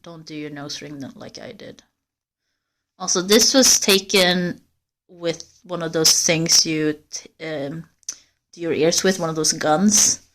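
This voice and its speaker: Out in a forest, a woman strolls and livestreams, rambling casually to her audience and cursing along the way. She's chilly, and her loudness shifts up and down as she walks, with a voice pitched on the low side.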